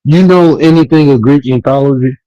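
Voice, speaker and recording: A man with a mellow, dark voice who speaks bluntly and uses informal grammar in a casual podcast panel. The sound is dry and slightly dull, like a lower-quality remote line. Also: a little fast, no room sound.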